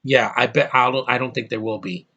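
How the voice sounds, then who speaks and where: Bright-voiced, furious ranting man. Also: mid-range voice, steady tone, fairly quick, muffled recording. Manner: exasperated, profane, repeats himself when worked up. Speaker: movie reviewer. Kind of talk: angry ranting movie review.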